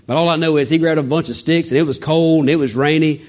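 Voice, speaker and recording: A man preaching a sermon in a folksy, animated way with joking asides. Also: a little high, quick pace. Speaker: pastor.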